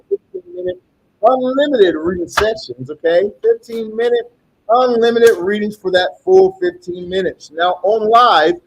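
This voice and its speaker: A man with a high, swooping voice pitches paid rituals and readings to his viewers. His tone is gravelly and husky, and he keeps checking in with "okay?" as he goes. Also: lo-fi sound. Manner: salesy, repeats okay and you guys. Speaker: tarot reader and spell seller. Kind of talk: sales pitch and tarot reading.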